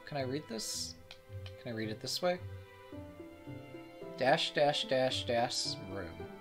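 Chatty male gamer on stream, playful, animated mid-range voice. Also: mid-range voice, slow, over music. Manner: joking, chatty. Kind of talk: casual let's-play commentary.

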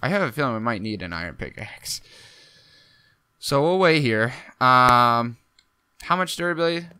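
A young man giving casual gameplay commentary, excitable and jumpy, talking to himself as he plays. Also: mid-range voice, normal speed, clean tone, dry recording. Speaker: gaming YouTuber.

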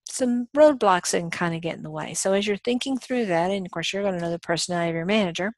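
A woman's voice: lowish voice, fast, no echo. A woman giving a recorded college lecture in a conversational way, full of fillers and self-corrections.

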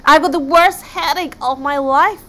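A soft-hearted young Viking who would rather watch sunsets than fight, read by a woman. He speaks earnestly in a bright, raised voice. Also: high voice, normal speed, voice pushed up. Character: gentle dreamy young male Viking.

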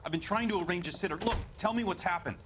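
A man's voice: high voice, fast, noisy background, natural voice. An actor playing an anxious middle-aged husband and father in a crime game. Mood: worried. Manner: worried, pleading.

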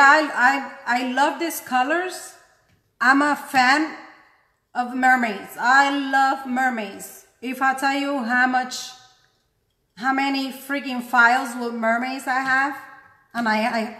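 A woman with a high, bright voice speaks slowly in a steady, forceful tone, chatting casually while she demonstrates a painting technique. She's self-deprecating and talks as she works, with a non-native English accent, since English isn't her first language. The sound is roomy.

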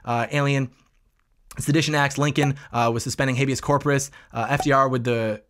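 A man's voice: mid-range voice, steady tone, a little fast, fairly bright tone, a little hiss or hum. A man hosting his own political commentary channel, talking combatively with mocking asides.

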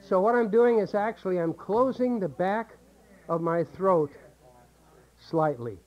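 A man's voice: sits high, animated, unhurried. A man teaching a voice acting seminar, explaining and demonstrating vocal sounds to a group. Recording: tinny, muffled old seminar tape.

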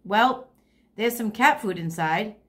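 A woman's voice: mid-range voice, animated, takes it slowly, fairly bright tone. Teacher voicing a fed-up grumpy cat guy, insisting, storybook style. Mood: exasperated. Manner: exasperated, insistent. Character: grumpy young male house cat.

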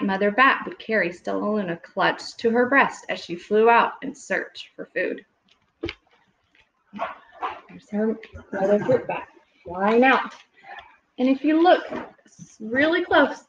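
Woman, higher voice, storytime reader at home; gentle, asks kids questions; echoey room, dull lo-fi, faint background noise. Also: a little slow, pauses often. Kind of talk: reading picture books aloud to children. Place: home room with children nearby.

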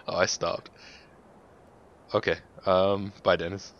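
A man's voice: big pitch swings, slow. A man co-hosting a gameplay video, chatting casually and laughing often. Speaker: co-host playing a farming game. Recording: muffled low-fi mic with faint hiss.

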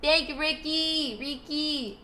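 A woman's voice: high voice, steady tone, slow pace, bright, forceful tone, slight background noise. A woman chatting casually on a live gaming stream, giggly and scattered, often breaking into laughs.

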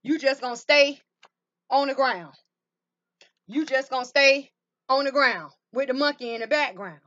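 Facing the camera, a woman reads tarot cards for her viewers in a high, fairly bright voice at a moderate pace, emphatic and full of rhetorical questions while calling them baby and honey. The recording sounds muffled.

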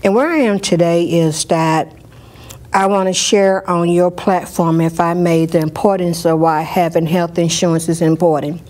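A woman telling a personal story in an interview, lively, and she acts out what others said. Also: on the low side, a little slow. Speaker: storyteller sharing her life.

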